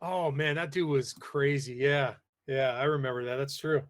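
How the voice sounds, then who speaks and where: A man's voice: medium pitch, fairly even intonation, moderate pace. A man hosting a casual live podcast, rambling with lots of fillers as he reads the chat aloud. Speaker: podcast host.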